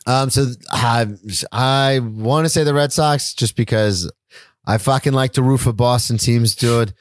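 A man's voice: mid-range voice, a little slow, no echo. A man co-hosting a casual sports talk show, laid-back and swearing casually as he gives his picks. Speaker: sports podcast co-host.

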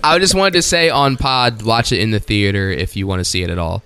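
Emphatic low-voiced man, blunt. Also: fairly quick, sharp tone, smooth. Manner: emphatic, swears freely. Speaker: podcast co-host. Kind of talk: casual chat, movie review.

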